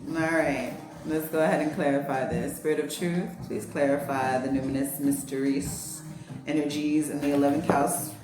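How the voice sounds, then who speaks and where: A woman's voice: deep voice, steady tone, moderate pace. A woman giving a casual spiritual astrology reading, chatty and heartfelt, with lots of fillers and slang. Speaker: astrology and tarot reader. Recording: roomy echo, faint music behind.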